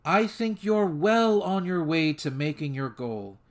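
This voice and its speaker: A man voicing a calm female therapist who speaks in a soothing, reassuring way. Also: a little high, measured pace, pitched above the performer's own voice.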